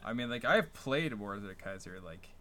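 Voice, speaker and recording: A man's voice: on the low side, animated, moderate pace, a bit bright. A man co-hosting a casual podcast, making dry, laid-back remarks and giving short agreements. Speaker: podcast co-host. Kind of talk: casual chat.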